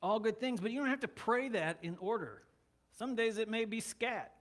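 A man's voice: high voice, lively intonation, moderate pace. A man preaching a sermon as pastor of a church, talking in a conversational way with joking asides.

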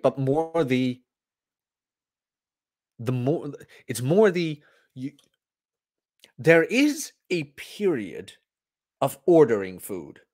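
A man hosting a podcast, ranting bluntly and profanely in a casual livestream. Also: mid-range voice. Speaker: podcast host.

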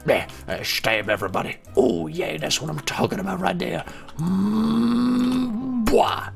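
Young male gamer host, playful, quick pitch jumps, light music bed behind him. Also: gravelly. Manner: playful, excitable, quick jumps in pitch, mock voices of friends. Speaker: gaming YouTuber. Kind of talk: playing a game while commenting. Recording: faint background music.

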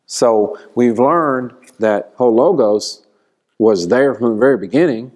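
A man teaching a church Bible class, explaining slowly and asking the class questions. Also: medium pitch, a little mellow.

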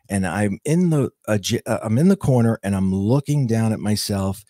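As a podcast guest, a man earnestly and reflectively recounts his own brush with death, stopping and restarting as he hunts for words. His voice is lowish and dark-toned, captured in a clean studio with no echo.

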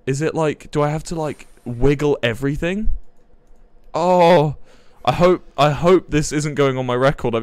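A young man, commentating a live game stream in a flustered, excitable way, swearing and laughing. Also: a little high, clean tone, no room sound. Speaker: livestreamer.

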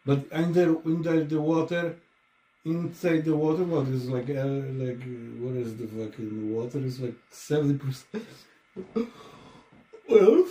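A man's voice: medium pitch, fairly even intonation, a little slow, mellow. Podcast co-host, man, blunt and profane, roomy echo. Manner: blunt, swears a lot, broken English grammar. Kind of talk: casual chat. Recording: echoey room.

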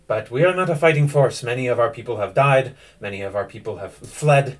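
A man voicing a weary, proud young nobleman in a tabletop game, speaking gravely and formally. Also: medium pitch, brisk, close to an everyday voice.

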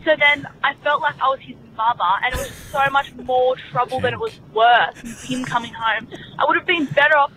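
A woman's voice: sits high, animated, fairly quick, noisy background. A young woman leaving a chatty voice message, telling a story in an exasperated tone. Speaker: caller.

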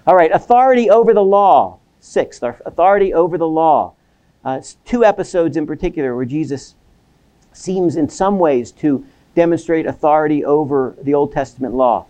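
A man with a somewhat high voice lectures at a seminary, lively and engaged. He slips into quoted voices and doubles back on his words as he thinks aloud. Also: normal speed. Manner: animated, acts out quoted voices, repeats words. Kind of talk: academic lecture. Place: lecture hall.

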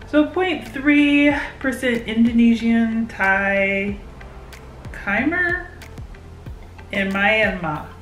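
A woman's voice: fairly high pitch, fairly even intonation, takes it slowly, few pauses, soft background music. A young woman vlogging casually, chatty and giggly with lots of fillers. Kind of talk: casual vlog chat. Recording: roomy echo.

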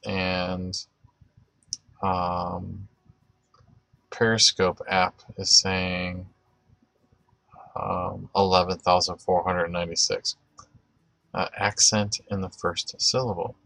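A man hosting a livestream, praying and then chatting with viewers, halting with many fillers and restarts. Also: deep voice, flat delivery, creaky, fairly bright tone, no echo. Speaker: livestream host. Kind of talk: closing prayer and live chat with viewers.

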